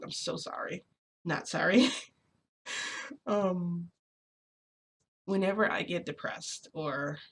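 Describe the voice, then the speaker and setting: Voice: mid-range voice, vocal fry, fairly bright tone, husky. A vlogger talking casually to viewers, rambling and confessional, with many fillers and restarts. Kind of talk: casual vlog chat, venting.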